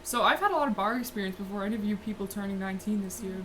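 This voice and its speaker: A woman's voice: mid-range voice, racing, a bit bright, slight background noise. A young woman, telling a story casually with lots of "like" fillers, swearing and laughing. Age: young adult. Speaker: vlogger.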